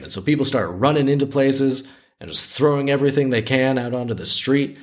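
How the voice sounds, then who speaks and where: A man's voice: mid-range voice, brisk. Wry man telling a folk tale. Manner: wry, irreverent, conversational. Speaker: podcast host and storyteller. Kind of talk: casual storytelling narration.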